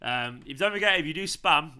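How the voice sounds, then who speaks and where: A man chatting casually while hosting a football watchalong live stream, excitable and quick to swear. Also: on the high side, clean tone.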